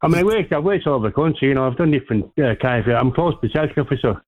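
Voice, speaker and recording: A man with a Scouse accent, calling in to a radio phone-in and chatting in a rambling, halting way with many fillers. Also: mid-range voice, narrow, tinny audio. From Liverpool, England. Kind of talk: casual phone-in chat.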